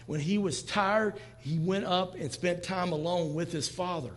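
A man's voice: high voice, a little slow, long reverb tail. A man in his fifties preaching a sermon to a church congregation, talking in a conversational way and acting out quoted lines. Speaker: pastor. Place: church sanctuary.

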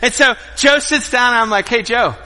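A man preaching a sermon, telling funny self-deprecating stories and quieting down to pray. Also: very high voice, normal speed. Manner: animated, self-deprecating, jokes with congregation; quiet, hushed when praying. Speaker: pastor. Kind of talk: sermon with personal storytelling. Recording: long hall reverb.

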